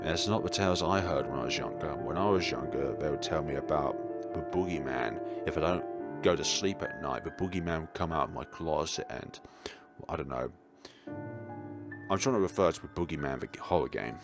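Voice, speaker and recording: A man's voice: rumbling low, moderate pace. A man reading a horror visual novel aloud and making playful, wry asides. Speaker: gaming video creator. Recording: game music behind.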